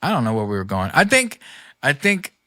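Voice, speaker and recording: A man's voice: mid-range voice, big pitch swings, a little fast, sharp tone, dry recording, clean studio sound. A man hosting a casual podcast, rambling with lots of "like" and swearing freely. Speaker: podcast host.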